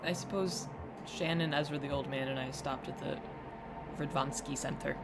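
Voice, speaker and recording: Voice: medium pitch, steady tone, normal speed, very noisy. A streamer chatting casually while playing a game, rambling and self-deprecating, often trailing off and restarting sentences. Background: game music.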